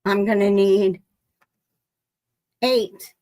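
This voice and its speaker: Slow-talking woman hosting a quilting stream. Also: medium pitch, fairly even intonation, darkish tone. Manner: rambling, self-interrupting, greets viewers by name. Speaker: quilting livestream host. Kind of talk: casual live sewing demonstration. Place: home sewing room.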